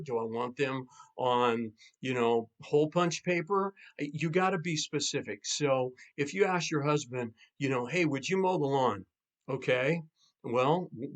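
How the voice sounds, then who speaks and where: A man, a pastor and marriage coach, casually teaching in an animated way and acting out quoted spouses. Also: medium pitch.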